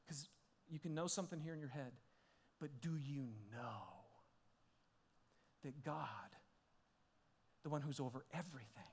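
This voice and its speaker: High-voiced preacher, hushed to loud. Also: male voice, slightly rough. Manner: swings from hushed, intimate questions to loud, excited exclamations; repeats himself and restarts, laughing often. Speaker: pastor. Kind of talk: sermon.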